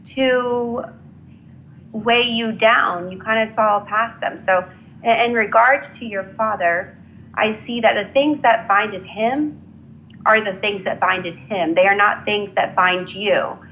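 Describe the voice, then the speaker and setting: A woman giving a live psychic reading, talking in an earnest, halting way with many restarts and fillers. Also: medium pitch, fairly bright tone, muffled recording, a little hiss or hum. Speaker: psychic reader. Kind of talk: live intuitive reading, casual.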